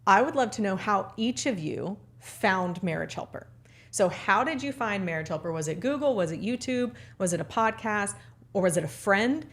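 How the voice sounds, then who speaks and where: A woman's voice: mid-range voice, vocal fry. A woman in her thirties co-hosting a live marriage show, upbeat and laughing in casual chat. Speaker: co-host.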